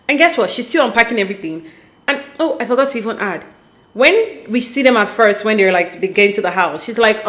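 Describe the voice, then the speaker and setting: A woman's voice: on the high side, lively intonation, fast talker, a bit bright. A woman hosting a casual show recap, talking animatedly and with exasperation straight to her viewers. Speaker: podcast host recapping a reality show. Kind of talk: casual commentary.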